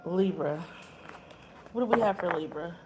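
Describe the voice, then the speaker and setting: A woman's voice: fairly low pitch, normal speed, heavy background noise. Chatty woman reading tarot cards. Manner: chatty, blunt, exasperated asides. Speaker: tarot reader.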